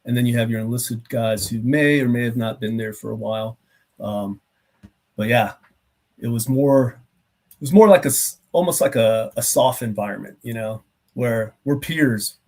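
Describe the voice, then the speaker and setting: A man's voice: medium pitch, normal speed, darkish tone. A middle-aged man in a mid-range voice speaks as a guest on a video call. He talks thoughtfully and loosely, with frequent filler phrases as he recalls things. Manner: reflective, many filler phrases. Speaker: guest, retired army officer. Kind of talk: casual interview chat.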